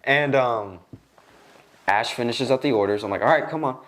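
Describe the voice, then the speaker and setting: A young man hosting a podcast in a studio, telling a casual work story and acting out the people in it with sudden jumps in his voice. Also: normal speed. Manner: animated, acts out quoted lines with jumps in pitch. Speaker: podcast host.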